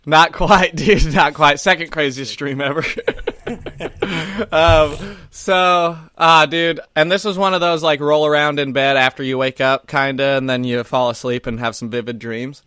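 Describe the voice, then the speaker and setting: Comedy podcast co-host, a man with a bright, forceful voice pitched a bit high, rambling and swearing freely. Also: fairly even intonation, measured pace, smooth, dry recording. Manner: rambling, profane, laughs often. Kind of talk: casual comedy podcast chat.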